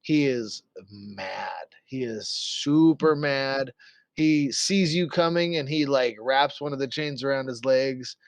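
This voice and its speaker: Young male game master, casual rambling narrator, mid pitch, dry close mic. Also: takes it slowly, no room sound. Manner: loose, filler-heavy storytelling.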